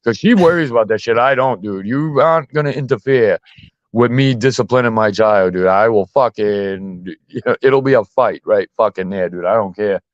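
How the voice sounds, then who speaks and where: A man's voice: on the low side, moderate pace, no room sound. Man, blunt and profane, casual chat, heated delivery, muffled dry recording. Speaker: podcast host. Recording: dull muffled dry sound.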